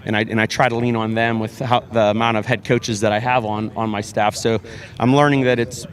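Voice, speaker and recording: A man, a high school football head coach, talking earnestly in a sports interview, often repeating words and restarting with fillers. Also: level tone, a little fast.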